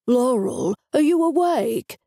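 A woman's voice: high-pitched, lively intonation, takes it slowly, dark tone, dry recording, studio quality, exaggerated voice. A woman voicing a timid, nervous young man. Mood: anxious.

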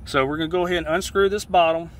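A man from Georgia with a Southern accent, a fishing guide giving a casual step-by-step how-to demonstration outdoors, folksy and relaxed, often restarting his phrases. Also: fairly high pitch, racing. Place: outdoors beside a boat. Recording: faint outdoor noise.

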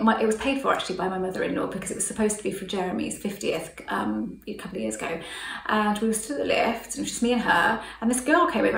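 A woman's voice: medium pitch, vocal fry, roomy sound, distant mic, poor audio. A middle-aged woman telling a story to camera in a chatty way, laughing often and acting out what people said. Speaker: vlogger.

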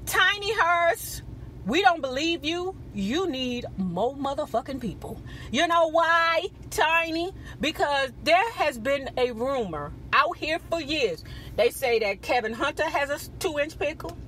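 Woman gossip vlogger, sassy and profane, bright, high voice, faint noise behind. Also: lively intonation, measured pace. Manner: sassy and profane, with frequent "child" and "baby". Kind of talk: casual gossip commentary. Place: not on camera, audio-only.

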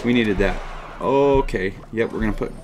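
A man giving casual live commentary on his own gameplay, excitable and quick to laugh or vent. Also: fairly low pitch, a little hiss or hum. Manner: excitable, swings to frustrated outbursts and laughter; casual, says "oh my heck" and "dude". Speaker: gaming channel host.

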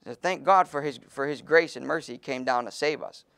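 A man preaches in a loose, conversational style, full of fillers and false starts. His voice has a gravelly fry at a middle pitch. When he reads scripture he slows down and leans on each word. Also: a bit bright. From Pennsylvania, USA. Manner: folksy, informal preaching with many fillers and restarts; reads scripture aloud with slow emphasis. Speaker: pastor. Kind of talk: sermon.

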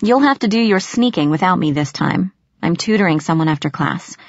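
A woman voicing a quick-tempered teenage farm girl who answers back indignantly. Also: lowish voice, expressive, no room sound. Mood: defensive. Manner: indignant, snappish. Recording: dry, slightly muffled.

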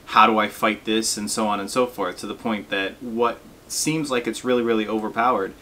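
A young man hosts a gaming video, offering relaxed, self-deprecating commentary over gameplay with frequent fillers. His voice is lowish and brisk, with slight background noise.

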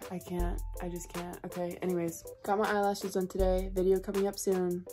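A woman's voice: fairly low pitch, level tone, brisk, music in the background. Chatty tired woman vlogging a haul. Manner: chatty, filler-heavy, \"like\" constantly. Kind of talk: casual haul vlog. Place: at home.

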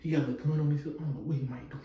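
A man's voice: a little high, steady tone, very fast, muffled recording. A young man vlogging a prank, talking casually with lots of slang and swearing to his viewers. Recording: echoey room from far off, loud noise.

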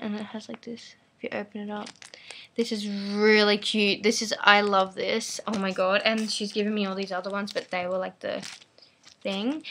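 A woman casually chatting through an unboxing at home, gushing and excitable, rambling with lots of fillers. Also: medium pitch, slight background noise. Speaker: vlogger unboxing a package.

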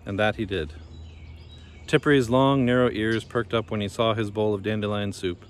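Lower-voiced man reading a fairy tale. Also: a little fast. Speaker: storybook reader. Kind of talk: reading a children's story aloud.

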